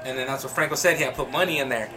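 A man's voice: medium pitch, racing. Profane, rambling man telling a story. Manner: profane, rambling storytelling with lots of "you know what I mean". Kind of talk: casual chat.

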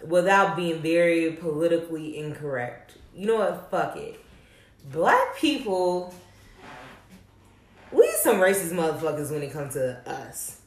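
Blunt, profane woman with a low voice. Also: measured pace, roomy sound. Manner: blunt, profane, animated storytelling. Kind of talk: casual candid chat.

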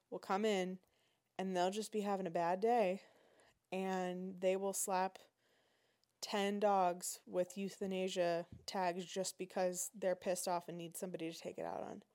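A woman hosting a podcast, telling a personal story in a lively, indignant way. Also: mid-range voice, smooth. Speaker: podcast host. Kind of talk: casual storytelling.

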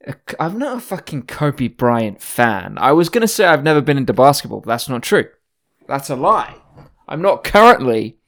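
Male podcast host with a mixed British accent, crude and boastful, rambling comic monologue. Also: medium pitch. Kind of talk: rambling comedic rant.

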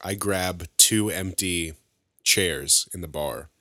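Low-voiced male player, casual and blunt, dry audio. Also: slow pace, pushed and bright, no echo. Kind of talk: playing a tabletop game.

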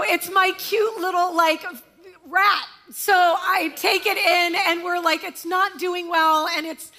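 A woman's voice: extremely high pitch, bright, forceful tone. A middle-aged woman pastor giving a sermon in a church, telling a story conversationally and acting out the quotes.

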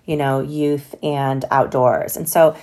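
Low-voiced woman explaining foundation work. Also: fairly even intonation, takes it slowly, darkish tone. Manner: conversational, upbeat, frequent hedges like "sort of". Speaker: corporate foundation leader. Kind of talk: interview answers.

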